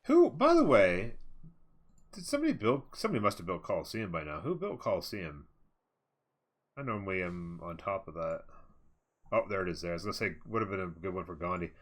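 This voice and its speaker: A man's voice: sits low, very animated, a little fast, long pauses. A man casting a live strategy game match, talking casually and rambling with fillers as he thinks aloud. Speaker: esports caster.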